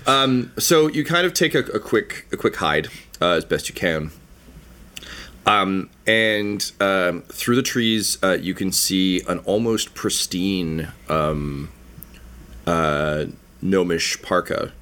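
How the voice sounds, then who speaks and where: A man narrating a tabletop game as game master, halting and full of ums. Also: low-pitched, a bit bright.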